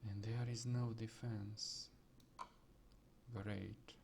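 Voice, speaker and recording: Slow, gravelly man thinking aloud. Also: fairly low pitch, flat delivery, darkish tone. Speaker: chess streamer solving puzzles. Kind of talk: live puzzle-solving commentary, thinking aloud. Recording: faint background noise.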